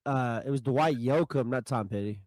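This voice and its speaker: A man co-hosting a podcast who drops in short remarks and corrections in a relaxed, conversational way. His voice sits at a middle pitch and is recorded dry, with no room sound. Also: moderate pace, dry recording. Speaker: podcast co-host. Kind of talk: casual chat.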